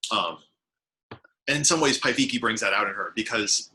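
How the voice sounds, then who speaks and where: Earnest man player with a bright voice. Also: on the low side, expressive, normal speed, low-quality recording. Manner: earnest, reassuring. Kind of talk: out-of-game group discussion.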